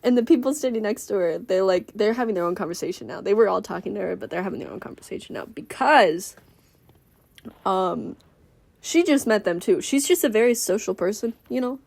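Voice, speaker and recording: A woman's voice: mid-range voice, lively intonation, brisk, creaky, darkish tone, dry recording. A young woman telling a rambling, casual story about her characters, swearing often.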